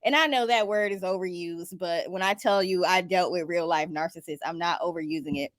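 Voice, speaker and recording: Woman vlogger spinning a chatty personal story, animated, close and dry. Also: on the low side, moderate pace, no echo. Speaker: spiritual vlogger. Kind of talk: casual storytelling.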